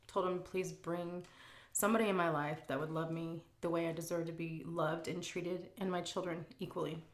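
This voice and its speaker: A woman's voice: fairly low pitch, roomy sound. A woman vlogger chatting frankly while she eats, reading out viewer questions and answering them. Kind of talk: casual chat while eating.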